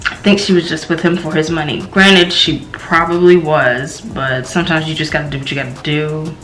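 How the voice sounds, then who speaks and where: A woman's voice: fairly bright tone, rough recording. A young woman from the American South with a light Southern accent, casually reviewing a TV episode in a rambling way with many fillers. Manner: rambling, filler-heavy, slow and low-key. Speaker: TV show reviewer.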